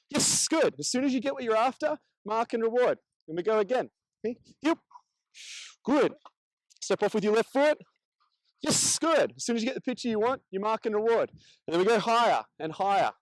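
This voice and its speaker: High-voiced upbeat male dog trainer. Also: no room sound, rough recording. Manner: coaching, upbeat praise to the dog between explanations. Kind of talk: instructional demonstration.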